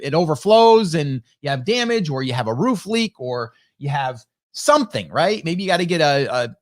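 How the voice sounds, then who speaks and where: A middle-aged man gives a motivational monologue, relaxed and conversational, often checking in with "right?". His voice sits a little higher than most men's. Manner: conversational storytelling with frequent repeats and "right?". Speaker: host.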